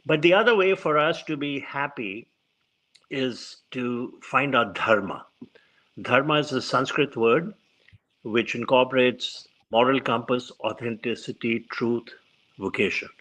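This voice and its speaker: Bright-voiced older man telling stories. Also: medium pitch, unhurried, low-quality recording. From India. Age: 70s. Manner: animated storyteller who acts out quoted voices. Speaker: guest physician. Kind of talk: storytelling in an interview.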